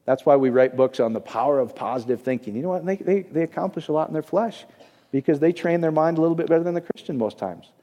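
A man's voice: on the high side, quick pace, warm tone. A man preaching a casual, conversational sermon as a pastor, often checking in with his audience. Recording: echoey hall, long reverb.

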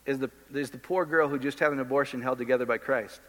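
A man's voice: mid-range voice, steady tone, fast, a bit bright. A man preaching an informal sermon in a blunt, impassioned, conversational way, often addressing the listeners directly. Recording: long hall reverb.

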